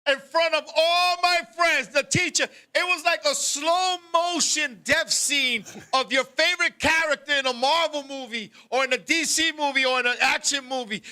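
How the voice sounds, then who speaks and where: A man with a very high, piercingly bright voice tells a comic story. He talks in an animated, profane way and acts out scenes with sudden shouts, as a co-host of a talk show. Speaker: podcast co-host.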